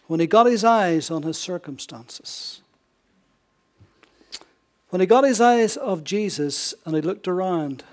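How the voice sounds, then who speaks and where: A man delivers a sermon in a slightly higher-than-average voice. He presses key words with raised force, then sinks to hushed, almost whispered lines, and keeps checking in with his listeners through rhetorical questions. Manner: dramatic swings from raised emphasis to hushed near-whisper; frequent rhetorical questions to the congregation. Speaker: preacher.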